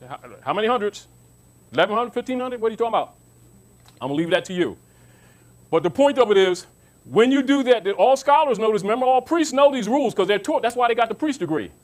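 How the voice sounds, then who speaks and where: High-voiced man giving an emphatic talk. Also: lively intonation, fast talker. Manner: emphatic, repeats himself, asks listeners if they understand. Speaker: lecturer. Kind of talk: informal teaching talk to an audience.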